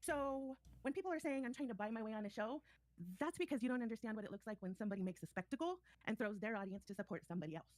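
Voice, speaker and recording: A woman's voice: on the high side, racing, a little mellow, no room sound. A woman on a casual livestream explaining herself in a defensive, self-justifying way.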